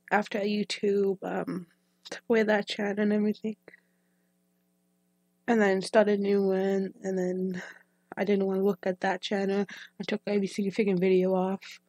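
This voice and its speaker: A woman's voice: medium pitch, steady tone, normal speed, long pauses, a little mellow, no room sound, studio quality. A young woman who reacts to videos online, chatting casually in a hesitant, emotional way that trails off and restarts. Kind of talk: casual personal chat.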